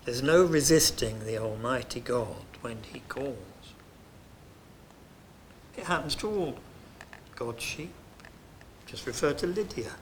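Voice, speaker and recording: A man preaching a sermon in an earnest way, dropping to soft, hushed phrases and then rising to loud, emphatic lines. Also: medium pitch, lively intonation, unhurried, long pauses, slight background noise.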